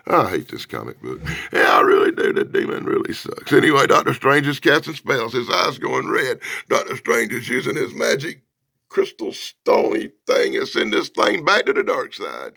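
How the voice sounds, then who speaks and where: A man's voice: mid-range voice, very animated, normal speed, creaky, a bit bright, dry recording, clean studio sound. A man hosting a comic book review vlog, giving a sarcastic, mocking running commentary as he pages through an old comic. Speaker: host.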